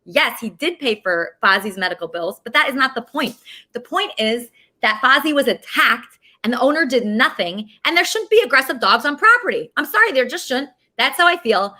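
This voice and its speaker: Bright-voiced woman host ranting indignantly. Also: fairly high pitch, very animated, moderate pace. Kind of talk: casual video monologue.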